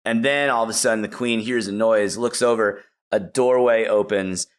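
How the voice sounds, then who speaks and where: A man's voice: fairly low pitch, moderate pace. A man on a podcast, eagerly retelling a movie plot in a casual way, full of "like" and "you know.". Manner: animated storytelling with many "like" and "you know" fillers. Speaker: podcast guest.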